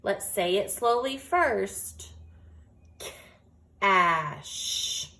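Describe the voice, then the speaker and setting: A woman teaching a phonics lesson, speaking slowly and carefully and sounding out each word. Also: lowish voice, animated. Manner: slow, deliberate, sounds out words.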